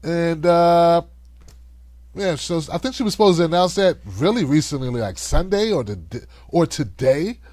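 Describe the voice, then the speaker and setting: A man hosting a livestream of political commentary, talking in an animated, conversational way and cussing freely. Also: on the high side, a little slow, no echo. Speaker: host.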